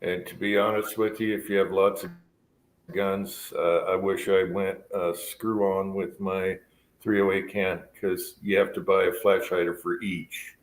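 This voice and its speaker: A man's voice: low voice, flat delivery, unhurried. A man hosting a live chat, talking casually and rambling with lots of yeahs. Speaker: livestream host. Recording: echoey room with faint background noise.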